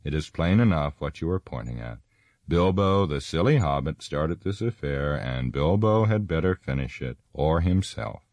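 A man voicing an elderly, fussy hobbit who talks briskly and mocks himself. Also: a bass voice, animated, darkish tone, no echo.

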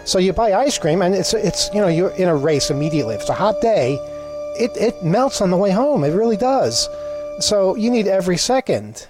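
A man's voice: high-pitched, sing-song, fairly quick, over music. A man hosting a show, chatting casually in a playfully indignant, rambling way. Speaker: show host. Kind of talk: casual comedic chat.

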